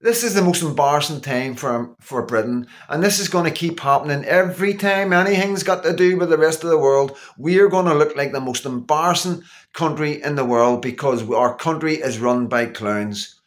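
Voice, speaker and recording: A man's voice: a little high, moderate pace, few pauses. A man vlogging an indignant, sarcastic political rant, repeating himself for emphasis. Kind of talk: ranting political monologue.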